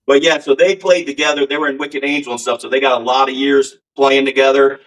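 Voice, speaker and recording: A rock band singer, appearing as a guest in a casual interview, tells stories earnestly and ramblingly, full of fillers. He talks fast in a level, medium-pitched, slightly bright voice, recorded poorly from a distant mic.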